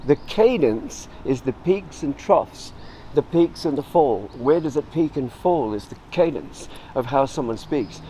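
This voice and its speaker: In a low-quality recording with slight background noise, a middle-aged man runs a writing tutorial in a relaxed, informal style. His mid-range voice moves at a measured pace as he explains where words come from and acts out short bits of example dialogue.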